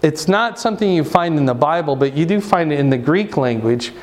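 A man's voice: a little high, animated, a little fast. Man giving a conversational church lesson. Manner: conversational, rambling with restarts and asides. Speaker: pastor. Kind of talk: church teaching talk.

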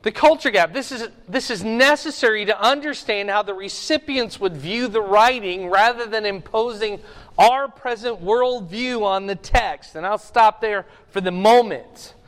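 A man with a notably high voice gives a Bible class, pausing often to ask "okay?" to keep his students with him. His voice carries a long reverb of a large hall. He talks in the manner of a teacher walking through his notes. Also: a bit bright. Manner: often checks in with a questioning "okay?".

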